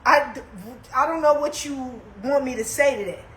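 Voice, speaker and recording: Woman, young adult, high voice, echoey room, animated slangy storytelling. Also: moderate pace, a little hiss or hum. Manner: animated, slangy storytelling that swings from calm asides to heated outbursts. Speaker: live streamer. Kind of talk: casual storytelling on a live stream.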